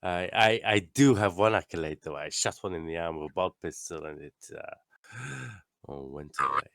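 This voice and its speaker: A man voicing a bashful, halting female warrior sister in a tabletop game. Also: sits low, lively intonation, vocal fry, dark tone, no room sound, clean studio sound. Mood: sheepish.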